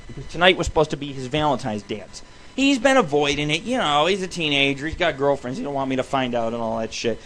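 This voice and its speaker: A middle-aged man hosting a radio show, rambling and swearing constantly in a loud, blunt monologue. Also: fairly high pitch, animated, quick pace. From southern Nevada. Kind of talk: casual profane monologue.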